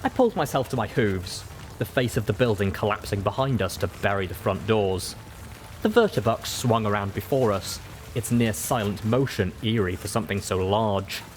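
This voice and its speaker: A man narrating a first-person story as an audiobook reader, steady and measured. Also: lowish voice, a little hiss or hum.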